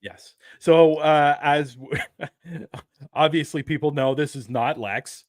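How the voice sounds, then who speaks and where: An easygoing man hosting a casual podcast chat, with a slightly high voice. His sound is dry and close, with no room around it. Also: slow, no room sound. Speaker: podcast host.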